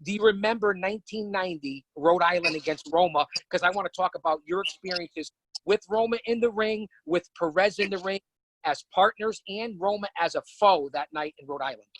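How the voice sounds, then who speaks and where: High-voiced man, hyped podcast host. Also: brisk, a bit bright, no echo, rough recording. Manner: hyped-up, theatrical questioning. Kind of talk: casual podcast interview.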